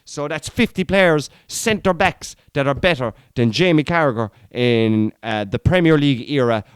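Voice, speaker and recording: A man's voice: medium pitch, clear, resonant tone, no room sound. A man hosting a casual podcast monologue, blunt and opinionated, who swears freely and rambles with restarts. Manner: rambling, with frequent fillers and restarts. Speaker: podcast host.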